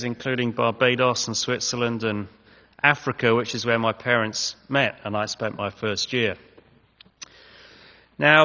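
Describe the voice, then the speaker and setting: A man's voice: medium pitch, bright, forceful tone. A man from England sharing a personal testimony with a congregation in a conversational, self-deprecating way. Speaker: guest speaker sharing testimony. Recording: dull audio in a reverberant hall.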